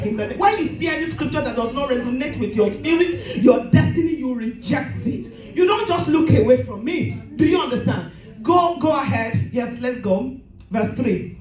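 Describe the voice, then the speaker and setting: A woman pastor, preaching a fervent sermon and often shouting. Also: high-pitched. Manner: shouting, preaching with rising fervor. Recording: echoey hall with music.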